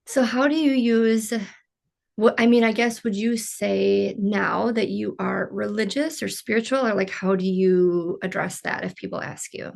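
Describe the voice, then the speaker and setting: A woman's voice: medium pitch, steady tone, measured pace, creaky, a little mellow. A woman hosting a casual podcast interview, talking earnestly with lots of "like" and "you know". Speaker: podcast host.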